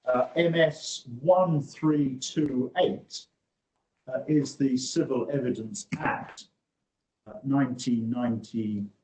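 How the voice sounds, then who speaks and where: A male barrister making formal courtroom submissions over a video call, measured and hesitant, pausing often on "uh". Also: mid-range voice, darkish tone. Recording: echoey room over video link.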